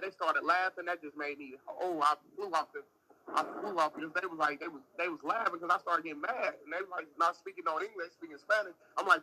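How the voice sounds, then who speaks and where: Man with a bright, cutting voice ranting. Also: on the high side, a little fast, poor audio. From United States. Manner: rambling, profane, exasperated. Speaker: livestreamer. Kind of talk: casual livestream chat. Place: eatery near an airport.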